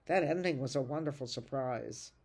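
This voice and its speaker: A bold young schoolboy, as a woman storyteller puts him on, declaiming with swagger in a children's play. The voice sits a little above her own, confident and loud. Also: very deep voice, moderate pace, slightly rough, heavily acted. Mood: admiring. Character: bold young boy playing a villain.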